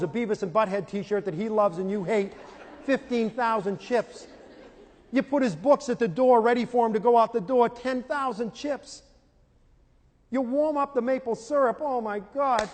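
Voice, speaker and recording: A middle-aged man with a high voice lectures an audience on raising and teaching children. He tells lively stories and slips into characters to act out scenes. His voice rings out through a hall with a long, trailing reverb. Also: slight background noise. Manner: animated storytelling, acting out scenes in character. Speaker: speaker on parenting and teaching.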